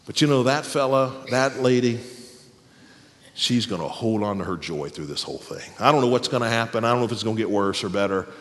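A man preaching a sermon as pastor, animated, then dropping to a soft, quiet voice for tender moments. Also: fairly low pitch, brisk, a little hiss or hum. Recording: long hall reverb.

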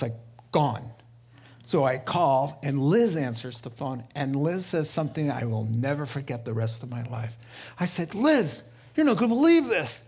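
A middle-aged man preaching a sermon as pastor, telling stories with lively voiced quotes and laughter. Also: fairly high pitch, breathy edge.

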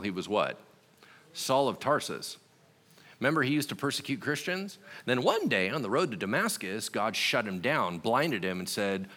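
A man's voice: mid-range voice, a bit bright, big-room sound. A man preaching a sermon as a pastor, telling stories with humor and acting out other people's voices.

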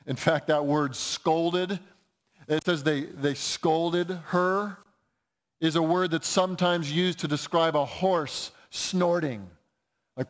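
A pastor preaching a sermon in a conversational, explaining way, often restarting phrases. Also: male voice, a little high, measured pace.

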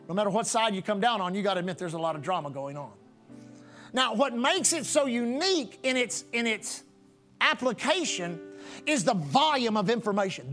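A male pastor preaches a sermon in a strikingly high, sing-song voice at a fairly quick pace. He hammers his points home by repeating phrases over and over in a rhythmic cadence, with soft music faintly behind him.

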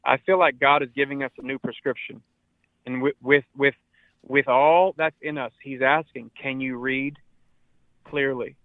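A man's voice: mid-range voice, fairly even intonation, normal speed, no echo. A man in his forties talks like a preacher, earnest and urging, and doubles back on words to press a point. His voice comes through a narrow, tinny phone line with no room sound around it. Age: 40s. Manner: earnest, exhortative, repeats words when stressing. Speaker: pastor. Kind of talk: radio interview, preaching tone.

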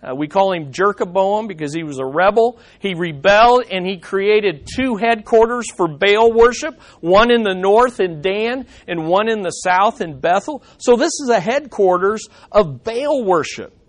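High-pitched guy teaching scripture, keeps asking questions then answering em, emphatic. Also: expressive, a little slow, hardly any pauses. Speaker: Bible teacher. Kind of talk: Bible study teaching.

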